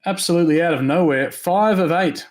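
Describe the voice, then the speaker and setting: A man hosting a live trading card break, rattling off names quickly and upbeat, his voice going hoarse. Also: on the high side. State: losing his voice.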